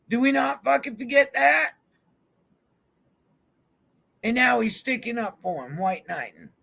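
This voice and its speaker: A man's voice: extremely high pitch, big pitch swings, unhurried, creaky, pauses often, pushed and bright. A man on a vlog in a heated, swear-filled rant, calling people out directly. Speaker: YouTube vlogger. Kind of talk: angry profane rant to camera. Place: van.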